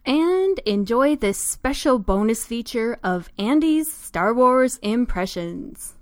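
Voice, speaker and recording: A woman's voice: a little high, lively intonation, slow pace, dry recording, studio quality. A woman hosting a podcast, reading scripted narration in an upbeat, enthusiastic way. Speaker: podcast host.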